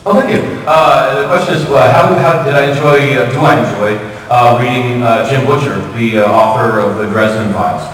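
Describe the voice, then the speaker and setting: A man answering convention panel questions in a chatty, animated way, often laughing, recorded from the audience. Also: mid-range voice, brisk, background noise. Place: large convention hall. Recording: distant echoey hall, loud crowd.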